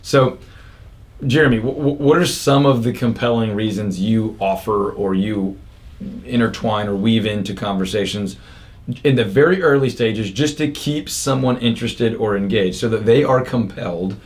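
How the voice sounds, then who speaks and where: A man's voice: on the low side, moderate pace. Chatty man hosting a podcast. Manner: upbeat, talkative, loose with fillers and restarts. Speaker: podcast host and real estate coach. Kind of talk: casual podcast chat. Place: office studio.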